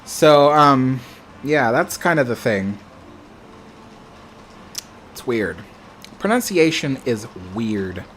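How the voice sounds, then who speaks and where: American man, livestream host, rambling casual talk, middle pitch, faint hiss behind. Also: expressive, slow pace, long pauses, a bit bright. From United States. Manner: rambling, self-correcting. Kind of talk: casual chat reading viewer comments.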